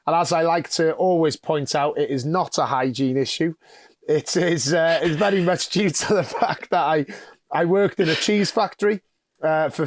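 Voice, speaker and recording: A man's voice: fairly high pitch, no room sound, clean studio sound. A middle-aged man from North Wales with a Welsh accent, chatting casually as a podcast guest, self-deprecating and full of fillers. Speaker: podcast guest, football journalist. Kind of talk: casual chat.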